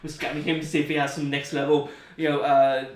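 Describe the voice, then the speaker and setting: A man's voice: on the high side, level tone, fast talker, a crowd in the background. Young man rambling a story, roomy distant mic. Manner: rambling, chatty, often laughing at his own stories. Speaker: interview guest. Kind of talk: casual storytelling.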